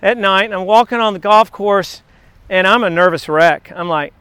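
Excitable high-voiced man telling faith stories. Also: brisk, clean tone, no room sound. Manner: excitable, chatty, digressive. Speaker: teacher giving a devotional message. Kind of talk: rambling faith storytelling to a class.

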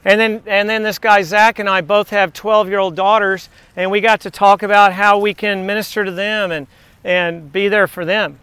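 A man in his fifties, a teacher giving a devotional message to his class, telling faith stories in an excitable, chatty, digressive way. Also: high voice, moderate pace, clear, resonant tone, no echo. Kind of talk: rambling faith storytelling to a class.

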